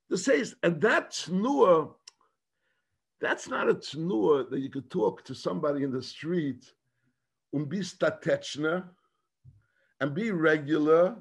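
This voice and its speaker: A man, a rabbi, giving a talk in English mixed with Yiddish, halting and repeating himself, then rising into emphatic bursts. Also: high-pitched, expressive, creaky, husky.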